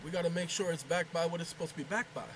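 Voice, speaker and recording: A man's voice: on the high side, very fast, a bit bright, slight background noise, low-quality recording. A man hosting his own video channel, chatting casually at home, rambling and joking while scolding aside. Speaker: channel host. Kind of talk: casual talking-head video chat. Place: home kitchen.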